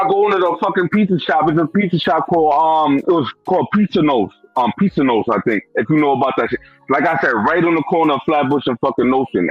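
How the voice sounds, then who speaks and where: A Brooklyn, New York guest with a fairly high, husky voice shares a personal story, casual, profane and streetwise, peppered with "bro" and "you know what I'm saying." The recording is dry and muffled.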